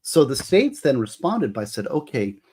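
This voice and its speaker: A man's voice: medium pitch, big pitch swings, moderate pace, darkish tone, husky. A middle-aged man hosting a casual livestream, rambling and emotional as he explains law. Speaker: livestream host.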